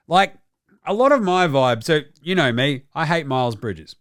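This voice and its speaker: A male Australian host talks basketball in a loose, profane rant. His voice sits slightly high and swings widely in pitch. The sound is close and dry. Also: expressive, moderate pace, fairly bright tone, smooth, dry recording. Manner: profane, ranting. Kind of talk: casual basketball commentary.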